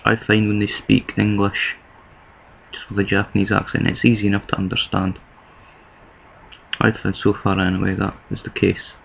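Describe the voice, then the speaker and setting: Gravelly Scottish man, flat low voice. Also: normal speed, pauses often, slight background noise. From Scotland. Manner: rambling, self-correcting, chuckles at himself. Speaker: vlogger. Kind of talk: casual video response monologue. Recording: dull lo-fi home recording.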